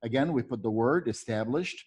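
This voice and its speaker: A man's voice: mid-range voice, normal speed, a little mellow, slightly rough. A man walking teachers through a lesson, asking and answering his own questions step by step. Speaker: teacher trainer. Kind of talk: recorded teaching walkthrough.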